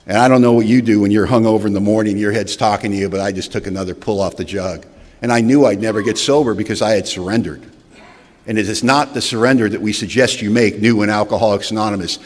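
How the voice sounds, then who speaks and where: A man with a lowish voice tells his own story of recovery, blunt and wry, sometimes acting out old arguments. He speaks at a podium microphone in a meeting hall, and his words ring out with a long reverb. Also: steady tone, fast. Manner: candid, wry storytelling that acts out past dialogue. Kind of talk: personal recovery testimony.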